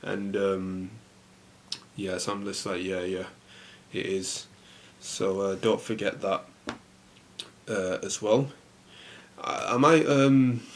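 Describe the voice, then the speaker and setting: A young man hosting a casual solo podcast, rambling in a relaxed way with lots of fillers. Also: fairly low pitch. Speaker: podcast host.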